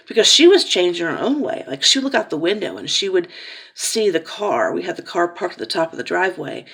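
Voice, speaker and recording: A woman's voice: lowish voice, expressive, brisk, vocal fry, a bit bright, breathy edge. A woman in her forties from Ohio speaking candidly and emotionally in a personal vlog, rambling with fillers and restarts. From Cincinnati, Ohio. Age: 40s. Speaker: vlogger, caregiver daughter.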